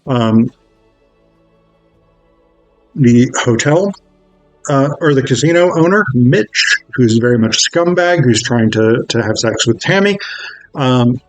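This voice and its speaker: A man's voice: medium pitch, expressive, slow, long pauses, no room sound, soft background music, poor audio. A man recapping a film in a casual, rambling way, with many fillers and self-corrections. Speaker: film reviewer.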